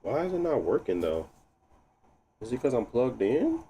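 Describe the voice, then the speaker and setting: A man streaming live, chatting casually while tinkering with settings, thinking out loud and laughing often. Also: mid-range voice, very animated, normal speed, breathy edge. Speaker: gaming streamer.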